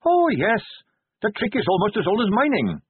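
A man's voice: high voice, huge pitch swings, normal speed, breathy edge, pitched above the performer's own voice, heavily acted. A man voicing an earnest, polite young male watch captain who speaks eagerly and helpfully. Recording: tinny phone-like band.

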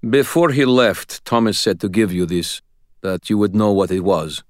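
A man voicing a calm, measured male swordsman and ally. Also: lowish voice, no room sound, clean studio sound, lightly acted. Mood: earnest. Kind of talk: audiobook character voice.

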